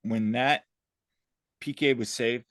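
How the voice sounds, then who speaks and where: A man co-hosts a casual podcast chat, spilling out excitable, rambling stories. His voice sits at an everyday middle pitch, and the recording is dry and close. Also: takes it slowly, dry recording. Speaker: podcast co-host.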